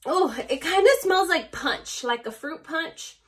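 Her high, slightly bright voice has lively intonation and an unhurried pace. The Spanish-accented beauty vlogger, a native Spanish speaker, gushes casually over the products she unboxes, bubbly and quick to laugh.

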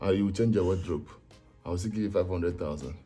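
A man's voice: sits low, a little fast, mellow, faint music behind, close to an everyday voice. An actor with a Nigerian accent playing a desperate young man who keeps begging and coaxing his girlfriend. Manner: pleading, coaxing. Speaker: pleading boyfriend. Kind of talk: Nollywood drama acting.

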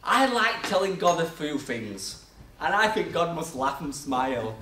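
A man's voice: a little high, sing-song, measured pace, bright, forceful tone. An older man preaching a sermon, telling chatty stories about his own life with self-mocking laughs. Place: church hall. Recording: echoey church sound from far off.

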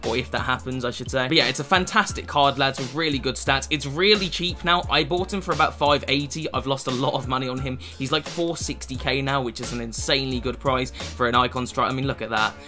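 A young man giving casual, chatty commentary on a football video game, often swearing and shouting at his own play. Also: medium pitch, a little fast, few pauses, faint music behind. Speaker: FIFA gaming YouTuber.

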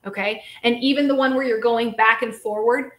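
A lively, chatty woman hosts a casual live-stream question session, speaking as a physical therapist. Her voice sits a little high, and she keeps turning to her viewers as she talks. The sound carries a noticeable echo of the room around her. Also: fairly quick. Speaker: physical therapist and show host.

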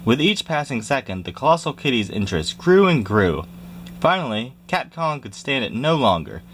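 A man reading a children's picture book aloud in a lively storytelling manner, jumping high for squeaky cries. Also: moderate pace, a little hiss or hum. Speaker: reader.

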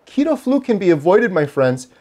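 A man's voice: sits high, very animated, moderate pace, darkish tone. A man in his forties talking casually to camera in an earnest, preachy, motivational way, often repeating phrases for emphasis. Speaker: lifestyle vlogger.

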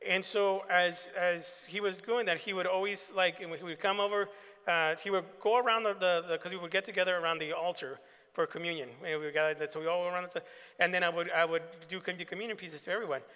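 A man's voice: high voice, steady tone, brisk, bright, forceful tone, smooth. A man, a pastor, giving a keynote and telling anecdotes, acting out the dialogue in them. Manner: anecdotal, acts out quoted dialogue. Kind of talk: keynote storytelling to an assembly. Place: large assembly hall. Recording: long hall reverb.

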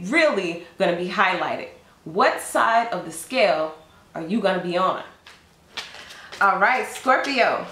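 A woman's voice: mid-range voice, a bit bright. A woman giving a tarot reading, speaking straight to the listener and telling it as a story. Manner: addresses the listener directly, storytelling. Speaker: tarot reader. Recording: roomy echo.

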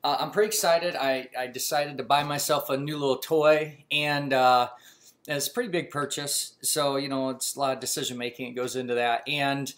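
A man's voice: mid-range voice, fairly quick. A man casually telling a funny personal story as host of a mechanics channel, with many fillers and restarts. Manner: animated when quoting himself.

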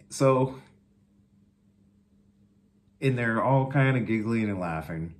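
A middle-aged man telling a funny teaching story to his viewers in a casual chat, getting animated as he goes. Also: slow, long pauses. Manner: animated, jumps high when quoting kids. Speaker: vlogger.

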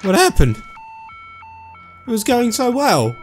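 A man giving jokey let's-play commentary, excitable and breaking into sudden high yelps. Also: takes it slowly, faint music behind. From Australia. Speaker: gaming YouTuber.

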